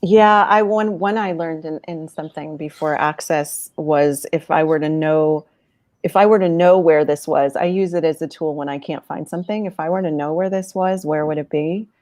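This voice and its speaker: A woman guest chatting casually on a livestream, enthusiastic and quick to laugh. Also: darkish tone, no room sound. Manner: enthusiastic, bursts into high laughter. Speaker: guest facilitator.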